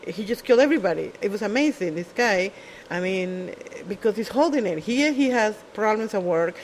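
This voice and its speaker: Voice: mid-range voice, animated, brisk, a little hiss or hum, low-quality recording. A speaker telling stories in a casual monologue, blunt and profane, with non-native English phrasing and a habit of mimicking other people. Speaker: show speaker.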